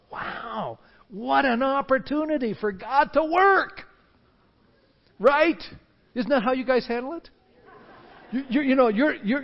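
A man preaching from the pulpit, his high voice swinging up and down as he acts out panicked crowds. The sound is a little dull and muffled. A long reverb trails after his words, as in a large church hall. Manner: animated, acts out shouting crowds. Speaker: pastor. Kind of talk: sermon.

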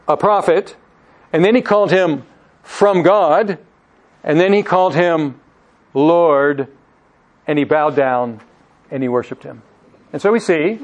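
A man preaching a sermon, reading scripture aloud with emphasis and putting questions to his listeners. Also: a little high. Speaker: pastor.

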